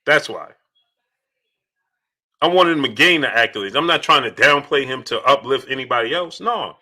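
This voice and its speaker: A man's voice: medium pitch, animated, moderate pace, sharp tone. A man hosting a casual boxing livestream, reading out super chats and making his points emphatically, often restarting his phrases.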